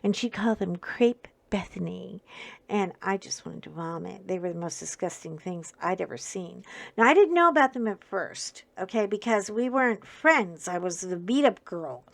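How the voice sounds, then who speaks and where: A woman hosting a craft video, telling a childhood story at home in an animated, wry way with sudden loud bursts. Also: mid-range voice, gravelly. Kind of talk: casual storytelling while crafting.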